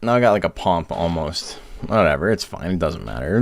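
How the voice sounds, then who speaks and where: A man's voice: sits low, expressive, brisk, gravelly, a little hiss or hum. A man live-streaming in casual chat, rambling and self-deprecating while fighting hiccups. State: has hiccups.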